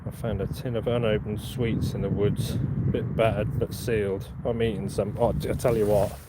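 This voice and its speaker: A man's voice: on the low side, little pitch movement, normal speed. Chatty Norfolk man outdoors. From Norfolk, England. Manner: chatty, answers viewer chat, chuckles often. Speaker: metal detecting channel host. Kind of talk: casual live-stream commentary. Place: open farm field outdoors. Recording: outdoor field noise.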